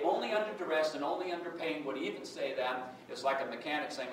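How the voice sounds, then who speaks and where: A man's voice: on the high side, quick pace, few pauses, very noisy. A man giving a personal testimony to a workshop audience, telling his story conversationally and acting out the dialogue. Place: workshop room. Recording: echoey room from far off.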